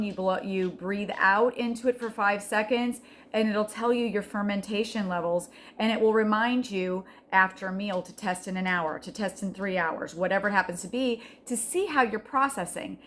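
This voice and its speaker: A woman's voice: mid-range voice, normal speed, fairly bright tone, slight background noise. A middle-aged woman in a casual, encouraging chat, earnest and talkative, often restarting with fillers. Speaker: vlogger sharing a health journey.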